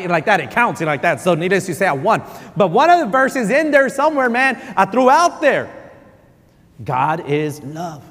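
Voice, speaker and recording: Animated pastor preaching in a church hall. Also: male voice, on the high side. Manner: animated storytelling, repeats for emphasis, code-switches. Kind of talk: sermon. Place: church sanctuary.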